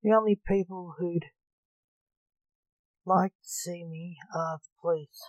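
A woman's voice: lowish voice, fairly even intonation, slow, dry recording, poor audio. A woman voicing a gloomy, world-weary male King of Death in a storybook reading.

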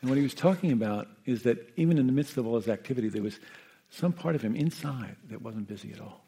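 A man, a meditation teacher who sat with the dying, gives an unhurried, reflective talk, often checking in with his listeners. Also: mid-range voice, animated, creaky, husky. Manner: gentle, unhurried, often asks "Yeah?" and "you know". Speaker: meditation teacher and hospice caregiver.

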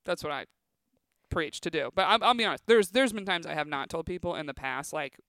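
A woman's voice: deep voice, lively intonation, fairly quick, fairly bright tone, dry recording. A woman in her thirties, a comedian guest, telling stories in a rambling, casual way full of filler words on a podcast. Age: 30s.

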